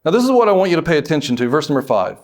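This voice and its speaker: A man from the United States preaching a sermon as pastor, emphatic, drawing out words and lifting suddenly in pitch and volume, with folksy asides. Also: big pitch swings, very fast, a little mellow.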